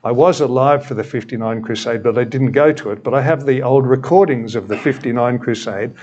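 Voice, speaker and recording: A man's voice: mid-range voice, fairly quick, a little mellow, lo-fi sound. An Australian man in his sixties preaching a sermon in a conversational way, with wry humorous asides. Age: 60s. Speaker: retired senior minister, preacher.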